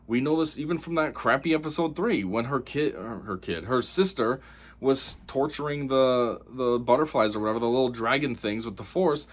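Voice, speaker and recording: A man's voice: mid-range voice, normal speed. Exasperated guy rambling through a tv episode review, lots of um and like. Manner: rambling, exasperated, full of fillers. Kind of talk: casual spoken review.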